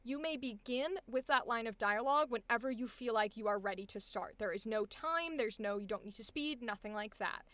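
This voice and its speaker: A woman's voice: fairly high pitch, brisk, few pauses, fairly bright tone, no echo. A young woman coaching voice acting on a live stream, chatty and exclamatory with frequent laughter.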